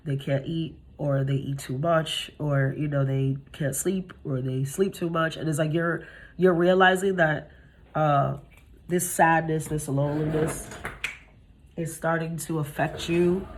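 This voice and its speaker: A young woman with a low, husky voice gives a casual tarot reading. She talks to her viewers in a chatty, streetwise way. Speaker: tarot reader.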